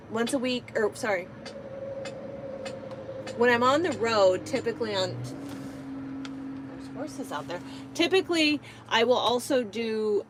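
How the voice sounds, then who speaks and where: A woman's voice: mid-range voice, a little hiss or hum, rough recording. A woman truck driver chatting casually on a live stream from her truck cab, rambling with lots of ums.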